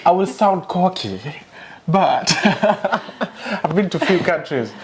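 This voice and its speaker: A man's voice: sits high, big pitch swings, slow, slight background noise. A man hosting a casual interview, chatty and laughing often with many restarts. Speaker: host.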